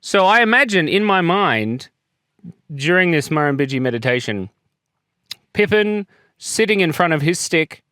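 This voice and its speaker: A man's voice: a little high, lively intonation, moderate pace, pauses often, sharp tone, no room sound, clean studio sound. A man talking casually in a personal vlog, joking and self-deprecating while getting choked up, and coughing as he gets over a chest infection. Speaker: vlogger.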